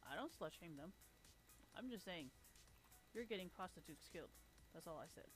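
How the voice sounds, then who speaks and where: A woman's voice: lowish voice, expressive, moderate pace, soft background music. A woman on a livestream ranting with a profane, taunting, sarcastic manner. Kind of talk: livestream rant.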